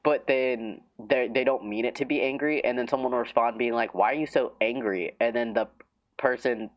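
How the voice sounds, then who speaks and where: A man's voice: mid-range voice, steady tone, moderate pace, lo-fi sound. A young man streaming, chatting casually and rambling with lots of fillers and restarts. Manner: rambling, many fillers and restarts, chuckles at himself. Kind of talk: casual livestream chat.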